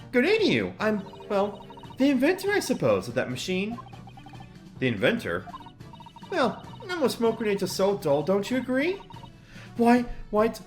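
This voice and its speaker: A woman's voice: fairly high pitch, a little mellow, pitched above the performer's own voice. A woman voicing a cheerful young British girl inventor with a prim, scolding manner.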